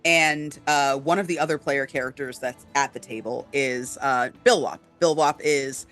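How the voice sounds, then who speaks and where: Bright-voiced woman co-host, lots of "um". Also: a bass voice, fairly even intonation, moderate pace, faint music behind. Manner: lots of fillers, says "right?" often. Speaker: podcast co-host. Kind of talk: casual chat about tabletop games.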